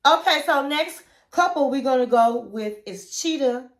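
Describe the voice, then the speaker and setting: A woman's voice: sits high, a little slow. A woman vlogger giving a chatty, opinionated recap of a reality show and asking her viewers for their views. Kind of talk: casual chat to camera.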